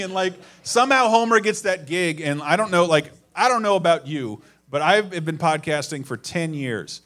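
A man's voice: fairly high pitch, expressive, normal speed, few pauses, a bit bright. A man hosting a live podcast in front of an audience, rambling and self-deprecating, with plenty of swearing. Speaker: podcast host. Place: live show before an audience.

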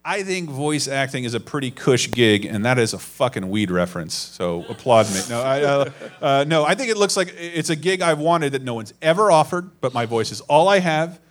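Before a live audience, a podcast host with a mid-range, sing-song voice talks at a moderate pace with hardly any pauses. He rambles, pokes fun at himself, and swears plenty.

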